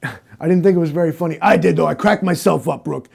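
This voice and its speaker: A man playing a gruff, cocky, paranoid cyborg detective in an improvised comedy interrogation, drawling and rambling. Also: fairly high pitch, quick pace, darkish tone, full character voice. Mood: smug. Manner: repeats the listener's name, drawling and rambling.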